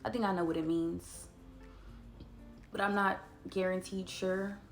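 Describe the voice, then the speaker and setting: Gravelly woman giving a casual Bible talk. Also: mid-range voice, fairly even intonation, faint music behind. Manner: chatty and earnest, slows down to read scripture aloud. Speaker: Bible study vlogger. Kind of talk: casual devotional talk to camera.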